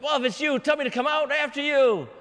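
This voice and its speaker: An eager, impulsive male disciple , put on by a preacher, blurts out his words in a raised, lifted voice. The sound rings out with a long church-hall echo, and the voice runs high for a man. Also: fast, a bit bright. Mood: eager, flustered. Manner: blurting, flustered.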